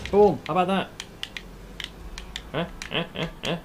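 A man streaming a game, commenting live, swearing often and yelling when startled. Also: a little high, measured pace, noisy background.

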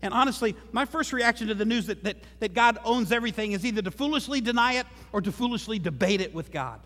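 Man, pastor, sermon, high voice, chatty and joking, church hall with long reverb. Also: lively intonation, quick pace, a bit bright. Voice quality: conversational, joking asides. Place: church sanctuary.

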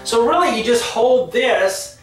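A man giving a casual piano lesson, chatty and relaxed, humming rhythms as he explains the notes. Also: very high-pitched, measured pace, far from the mic. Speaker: piano teacher. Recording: echoey room, mic set back, loud piano. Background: piano playing.

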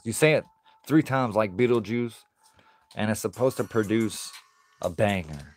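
A man's voice: fairly low pitch, very animated, moderate pace, pauses often, faint music behind. A man chatting casually on a live stream as he opens card packs, easygoing and laughing often.

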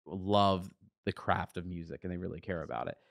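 A man's voice: deep voice, brisk, creaky, no room sound, clean studio sound. A young man who is a musician and church worker, chatting as a guest in a casual interview and telling stories with acted-out quotes. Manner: relaxed storyteller, acts out quotes.

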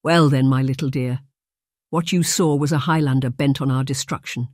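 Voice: medium pitch, fairly even intonation, moderate pace, no echo, clean studio sound, lightly acted. A narrator voicing a middle-aged Scottish laird, drunk, bullying and blustering as he bellows at his family. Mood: angry bellowing.

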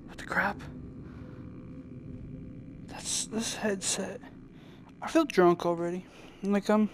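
A woman hosting her own gaming channel, chatting and joking through a VR game and breaking into loud yells. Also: steady tone, takes it slowly, pauses often, slight background noise. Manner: chatty, jokey, bursts into high yelling. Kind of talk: casual gameplay commentary.

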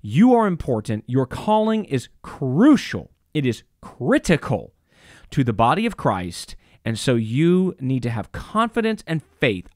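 A man's voice: medium pitch, sing-song, slow, no room sound, clean studio sound. Impassioned male pastor preaching. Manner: impassioned, emphatic, repeats phrases for stress. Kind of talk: sermon.

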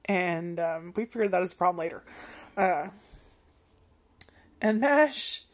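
A woman's voice: on the low side, expressive, measured pace. Casual swearing woman reviewing anime. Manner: rambling, swears often, laughs at own jokes. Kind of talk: casual chat.

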